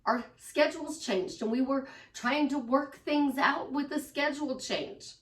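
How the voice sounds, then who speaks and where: A woman's voice: high-pitched, measured pace, a bit bright. A woman life coach talking casually to her followers, emphatic and repetitive, sometimes acting out the voices in people's heads. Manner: emphatic, repeats phrases, acts out inner voices. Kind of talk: casual monologue to camera. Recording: roomy echo, voice from a distance.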